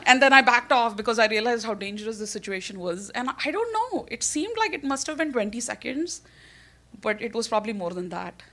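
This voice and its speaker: A woman from India with an Indian accent, telling a funny personal story on stage, animated and laughing often mid-sentence. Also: fairly high pitch, brisk.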